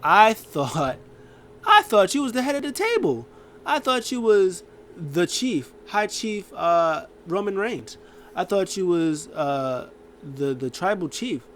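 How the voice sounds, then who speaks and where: A man doing a quick impression of a flustered adult male wrestler who stammers and pleads. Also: sits high, very animated, a bit bright, a little hiss or hum, pitched above the performer's own voice, full character voice. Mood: pleading.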